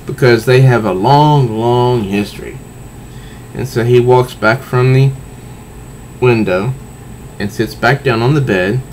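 Guy doing a comic review real slow and careful, mid pitch, faint hum behind him. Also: a little mellow, rough recording. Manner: unhurried, methodical, pauses between phrases. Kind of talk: slow, deliberate comic review, reading panels aloud.

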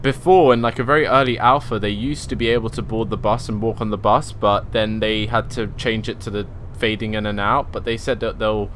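A man's voice: on the low side, fairly even intonation, fairly quick, hardly any pauses, a bit bright, a little hiss or hum. A young man chatting casually as he streams a driving game, easygoing and laughing at himself. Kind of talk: casual live gameplay commentary.

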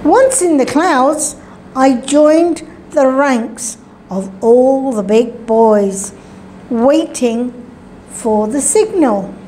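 A woman teacher reads a children's story aloud for a lesson, her voice pitched high. She moves through each phrase very slowly and deliberately. A faint hiss sits under the recording. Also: lively intonation, mellow, rough recording. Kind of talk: storybook reading for a class lesson.

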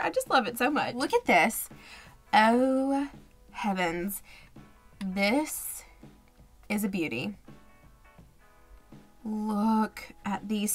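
A woman's voice: mid-range voice, fairly bright tone. A woman hosting a budgeting vlog, chatting casually while unboxing and gushing with gasps and little exclamations. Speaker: budgeting channel host. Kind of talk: casual unboxing chat to camera.

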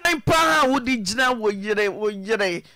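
A Ghanaian woman hosting a radio advice show, questioning a caller in an emphatic, scolding way that sometimes turns to shouting. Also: medium pitch, lively intonation, unhurried, dry recording. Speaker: radio counsellor host.

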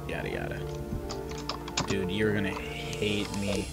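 Low-voiced young man teasing his friend. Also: big pitch swings, takes it slowly, creaky, music in the background. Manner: sarcastic, teasing banter. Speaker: gamer recording a let's play. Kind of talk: casual gaming commentary.

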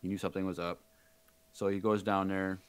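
A man with a low, smooth and clear voice talks through a show recap in a loose, rambling way. He keeps losing his place in his notes and filling the gaps with "like" and "blah, blah." It sounds like a casual home podcast. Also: flat delivery, fairly quick. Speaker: podcast co-host recapping the episode. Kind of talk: casual chat.

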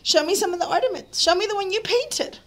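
High-pitched woman coaxing kids. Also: fast, a little hiss or hum. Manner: coaxing, playful, laughs often. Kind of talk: casual home video. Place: home living room at the Christmas tree.

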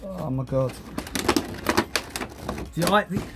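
Excitable man swearing happily. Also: on the high side, takes it slowly, over loud music. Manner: excitable, swears a lot, laughs often. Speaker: YouTuber. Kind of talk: casual unboxing vlog.

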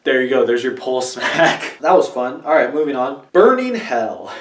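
A man's voice: medium pitch, moderate pace. Young man vlogging in an echoey room. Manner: silly, exaggerated, deadpan asides. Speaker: YouTuber. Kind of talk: comedic vlog. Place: room with green screen. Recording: echoey room, from a distance, faint music.

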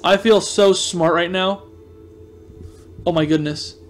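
A man giving casual let's-play commentary on a video game, reacting excitably with loud outbursts of frustration. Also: high voice, takes it slowly, faint music behind. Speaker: gameplay commentator.

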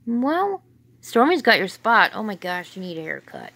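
A woman's voice: mid-range voice, huge pitch swings, moderate pace, a bit bright. A woman filming her dogs at home on a phone, talking to them in a playful baby-talk way with chuckles. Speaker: dog owner filming her pets. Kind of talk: casual talk to pets. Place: home indoors.

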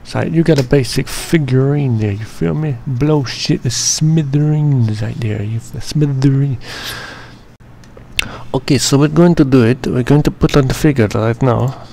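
A man talks through an editing session in loose, rambling commentary, heavy on slang and swearing. His voice is gravelly with plenty of fry. The tone sits dark and mellow rather than bright. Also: mid-range voice, moderate pace, slight background noise. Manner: slangy, profane, joking and rambling. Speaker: editing tutorial narrator. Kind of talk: casual profane screen-recording commentary.

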